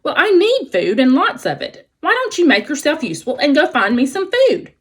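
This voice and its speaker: A woman's voice: high voice, very animated, normal speed, a bit bright, voice pushed up. A woman voicing a hungry, demanding male fox in a storybook read-aloud. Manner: growling, demanding.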